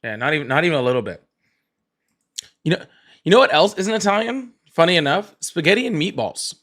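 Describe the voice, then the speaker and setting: A man's voice: a little high, big pitch swings, fairly quick, fairly bright tone. A man hosting a casual live stream, chatting in a rambling way and greeting viewers between points. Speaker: livestream host.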